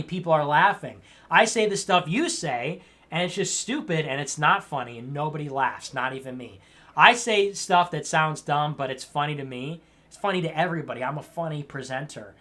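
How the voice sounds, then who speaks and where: Teasing male livestream host, slightly high voice. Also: pushed and bright. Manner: teasing, mock-scolding, rambling with frequent restarts. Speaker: livestream show host reading viewer donations. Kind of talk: casual livestream commentary.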